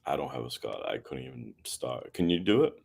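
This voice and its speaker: Very deep-voiced laid-back man. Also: sing-song, fairly quick, vocal fry, a little mellow, slightly rough. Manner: laid-back, dry, blunt, swears casually. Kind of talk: casual chat.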